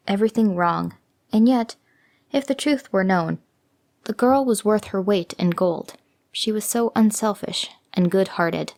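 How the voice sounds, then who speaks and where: Woman storyteller, fairy-tale narration, gentle expressive reading, mid-pitched voice.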